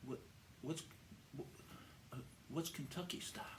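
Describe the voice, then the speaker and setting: A man's voice: a little high, measured pace, echoey room, recorded from a distance, a little hiss or hum, voice pushed down, lightly acted. A man voicing a flustered male city hunter who stammers and hesitates.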